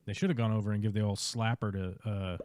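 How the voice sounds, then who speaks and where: A man's voice: on the low side, steady tone, fast talker, darkish tone, no echo. A male streamer giving casual, wry commentary while he plays a strategy game live.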